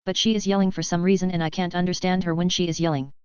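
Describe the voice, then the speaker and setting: A woman's voice: on the low side, quick pace, clean tone, dry recording, natural voice. Patient, reasoning woman shopper, voiced plainly by a female narrator, dull dry recording. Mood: puzzled. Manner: calm, reasoning. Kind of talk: scripted narration.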